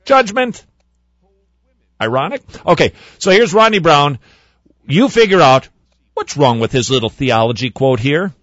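Male talk radio host, sarcastic and animated, higher voice, dry studio sound with muffled highs. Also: a little slow, long pauses, no room sound. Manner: animated, sarcastic, swings between loud and hushed asides. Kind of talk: critical commentary on sermon clips.

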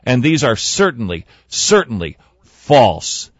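A man hosting a radio talk show, commenting sarcastically on sermon clips and swinging between loud remarks and hushed asides. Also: medium pitch, sing-song, takes it slowly, dry recording, dull audio.

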